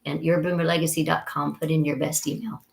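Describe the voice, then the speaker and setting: A woman co-hosting a casual live stream, her voice hoarse and husky from a cold. Her voice sits low with a gravelly fry. She keeps chiming in with quick agreements and greetings to viewers. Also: level tone.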